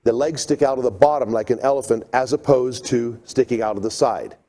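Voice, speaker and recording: A middle-aged man giving a seminar talk, telling stories with lively acted-out moments. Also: medium pitch, brisk. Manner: animated storyteller, acts out scenes. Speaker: creation seminar speaker.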